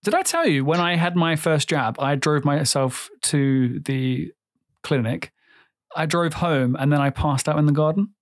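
A man's voice: a little high, unhurried, dry recording, clean studio sound. A man co-hosting a casual film podcast, joking, swearing freely and laughing often. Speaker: podcast co-host.

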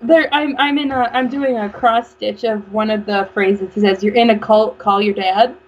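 Husky-voiced giggly woman chatting. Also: mid-range voice, steady tone, dull audio. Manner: giggly, quick banter, laughs often. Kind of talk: casual chat.

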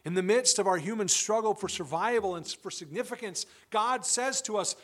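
A man's voice: high-pitched, normal speed, few pauses, a bit bright. A man preaching a sermon, emphatic and full of rhetorical questions. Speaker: pastor; father of children.

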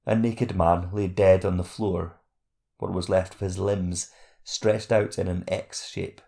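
A man narrating a fantasy audiobook chapter in a steady, measured reading voice. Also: deep voice, creaky.

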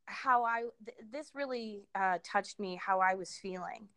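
A middle-aged woman speaking as a guest in a casual conversation, pausing often and restarting her sentences. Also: medium pitch, sharp tone, clean tone, no echo. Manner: halting, many fillers and restarts.

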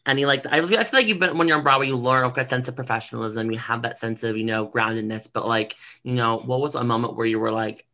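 Rambling male interviewer, bright voice. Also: medium pitch, steady tone, fast, few pauses. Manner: rambling, many fillers. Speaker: interview host. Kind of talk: casual interview questions.

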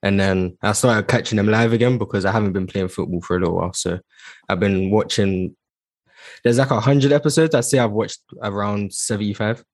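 A man's voice: lowish voice, a little fast, no echo. A young British man from the UK, a guest chatting in a laid-back, self-deprecating way over a video call. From United Kingdom. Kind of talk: casual chat.

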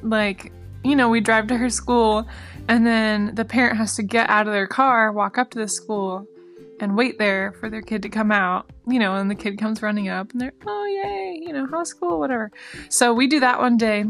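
A woman's voice: medium pitch, fairly even intonation, moderate pace, fairly bright tone, faint music behind. A young woman in casual chat, telling a childhood story with lots of "like". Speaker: co-host, guest sister.

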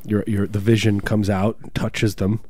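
A man's voice: fairly low pitch, flat delivery, moderate pace, dark tone, dry recording, studio quality. A middle-aged man co-hosting a comedy podcast, rambling through absurd riffs and silly bits. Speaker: podcast co-host. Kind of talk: improvised comedy banter.

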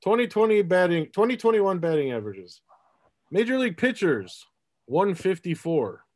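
A man hosting a casual sports podcast, talking in a rambling, halting way with lots of fillers. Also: high voice, sing-song, no echo, clean studio sound. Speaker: podcast host.

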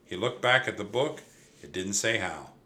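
A man narrating a children's chapter book in a clear, steady storytelling manner. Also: on the low side, moderate pace.

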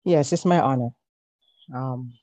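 A woman, a podcast guest telling a personal faith story in a reflective, hesitant way with frequent pauses. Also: extremely low pitch, warm tone, no room sound. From Jamaica. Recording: dull, lo-fi recording.

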